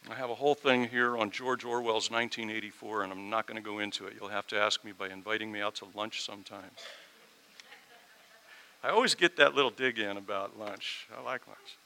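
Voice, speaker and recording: A middle-aged man preaching a sermon, telling a personal story and swinging from quiet asides to loud, emphatic peaks. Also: on the low side, fairly even intonation, brisk, creaky, rough recording. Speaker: pastor.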